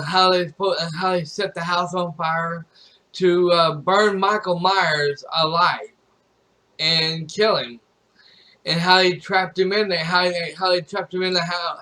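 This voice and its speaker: A man's voice: high voice, sharp tone. A man on a live stream retelling a movie's plot in a loose, rambling way, restarting phrases and leaning on "you know". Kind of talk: casual spoken movie recap.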